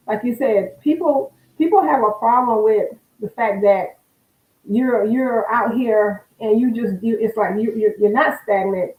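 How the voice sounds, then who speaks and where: A woman co-hosting a casual panel talk over a video call, speaking haltingly with many restarts. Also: on the high side, a little mellow, reverberant, recorded from a distance, rough recording. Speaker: podcast co-host.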